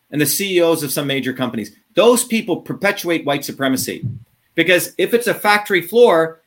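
A man ranting combatively in an interview, profane and heated, swinging between fast bursts and drawn-out words. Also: a little high, fairly bright tone. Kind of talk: impassioned interview talk.

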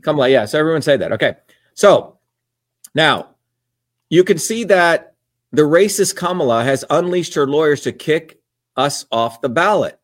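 A man's voice: fairly high pitch, animated, measured pace, pauses often. An older man from India hosting a podcast, ranting in a combative, repetitive way. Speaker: podcast host and candidate. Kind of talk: casual political monologue.

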